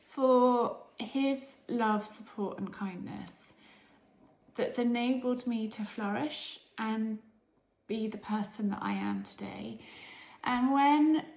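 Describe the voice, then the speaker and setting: A middle-aged woman from England talking through her day in a casual vlog, chatty and emotional, often dropping to a hush. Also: medium pitch, vocal fry. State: emotional, tearful. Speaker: vlogger. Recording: echoey room, faint background noise.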